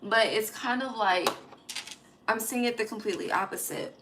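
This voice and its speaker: A woman's voice: a little high, moderate pace, background noise. A woman giving a casual, emphatic tarot reading, swearing freely and dropping slangy asides. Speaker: tarot reader. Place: home at night.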